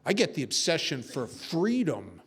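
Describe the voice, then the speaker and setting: Sharing his personal testimony at a recovery meeting, a man with a slightly higher-than-usual voice speaks earnestly and confessionally, with self-deprecating humor in his stories. His pitch swoops wildly, his speed is normal, and his tone is fairly bright, heartfelt and unpolished.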